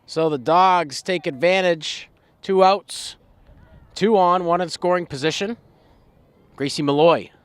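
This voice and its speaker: A man doing color commentary for a high school softball game, talking through player stats in a relaxed way. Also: measured pace, long pauses, clear, resonant tone, no echo.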